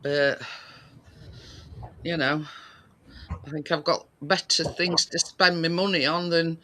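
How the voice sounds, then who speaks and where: A British man chatting casually, his voice high and very bright. He talks slowly and rambles, restarting sentences and dropping fillers as he goes. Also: steady tone. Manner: rambling, many restarts and fillers, laughs easily. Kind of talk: casual chat.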